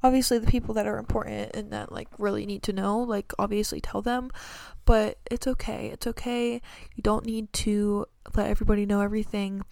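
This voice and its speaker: A woman's voice: mid-range voice, level tone, quick pace, gravelly, few pauses, darkish tone, no echo. A young woman hosting her own podcast, talking casually and earnestly about faith and a coming business launch, rambling with many fillers and restarts. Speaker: podcast host.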